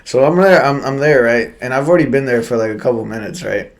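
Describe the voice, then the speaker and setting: A young man co-hosting a podcast, telling a story in casual chat, animated and swearing, laughing often. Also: mid-range voice, fast. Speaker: podcast co-host.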